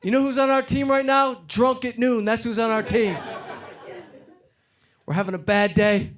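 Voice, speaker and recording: A middle-aged man from Detroit doing a stand-up comedy set on stage, getting loud and animated when he acts out other people. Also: very high-pitched, normal speed. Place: comedy stage before a live audience. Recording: live show with loud crowd laughter. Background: crowd laughing.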